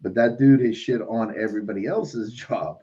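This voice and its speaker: A man's voice: mid-range voice, normal speed, warm tone. Emphatic man telling a story on a lo-fi stream. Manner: storytelling, emphatic, says listen. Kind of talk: casual live-stream talk. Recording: slightly dull lo-fi sound.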